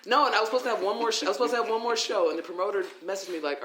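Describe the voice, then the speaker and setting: A man guest, a wrestler, telling stories in a casual podcast chat and acting out the people he quotes. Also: high-pitched. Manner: animated, quick, acts out quoted voices. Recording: roomy with faint noise.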